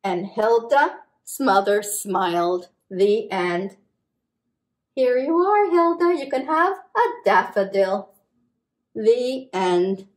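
Reading slowly in a mid-range voice, this librarian hosts storytime for children. She moves through a picture book and rhymes in a lively sing-song manner, doing animal sounds and quizzing the kids.

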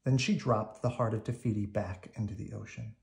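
A man reading a children's storybook aloud at bedtime in a calm, measured way. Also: on the low side, vocal fry. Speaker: storybook reader.

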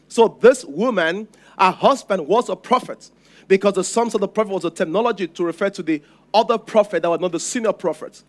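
A man preaching a sermon as pastor, emphatic and repetitive, dropping to a hush and then rising loud. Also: sits high, a little fast.

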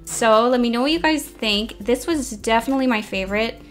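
A woman's voice: fairly high pitch, a little fast, faint music behind. A young woman giving casual commentary over her own game, chatty and self-mocking, often flustered as she races the clock. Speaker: gaming YouTuber.

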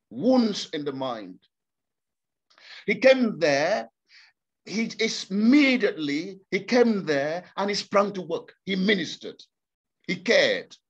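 A man preaching a sermon to a congregation, impassioned and repeating words for emphasis. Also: high voice. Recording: slightly dull lo-fi sound.

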